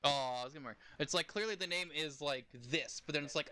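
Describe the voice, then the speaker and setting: A man's voice: fairly high pitch, expressive, fast talker, sharp tone, slight background noise. A young man streaming a game, chatting casually in a rambling way and laughing often. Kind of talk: casual live-stream chat while playing.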